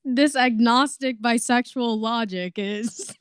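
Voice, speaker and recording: A woman's voice: fairly high pitch, slow, smooth, no room sound, studio quality. A woman co-hosting a film podcast, chatting playfully and laughing easily. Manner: giggly, playful reactions. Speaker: podcast co-host. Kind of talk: casual film discussion.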